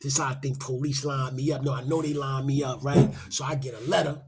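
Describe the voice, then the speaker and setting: A man's voice: mid-range voice, fairly quick, crowd noise. A middle-aged man, telling a story in casual street talk and acting out the quotes. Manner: animated, acts out quotes, rising loud when excited.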